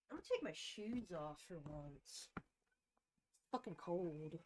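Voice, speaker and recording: A woman's voice: low voice, animated, takes it slowly, long pauses, a little mellow, slight background noise. A woman streaming live, chatting casually to her viewers in a laid-back, rambling way, swearing now and then. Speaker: livestreamer.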